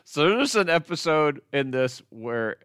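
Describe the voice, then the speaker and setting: A man hosting a podcast, excitedly recapping TV episodes in a rambling, swear-filled casual chat. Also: a little high, measured pace, clear, resonant tone, no echo, clean studio sound. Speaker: podcast host.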